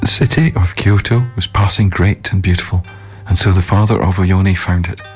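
Deep male storyteller; measured, solemn folk-tale reading over faint music. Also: darkish tone. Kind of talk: scripted narration of a folk tale.

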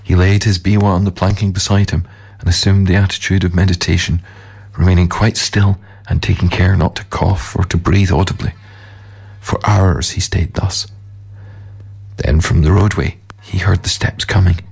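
A man reading a ghost story aloud in a measured, grave scripted narration. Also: low voice, flat delivery, gravelly, darkish tone, slightly rough, low-quality recording.

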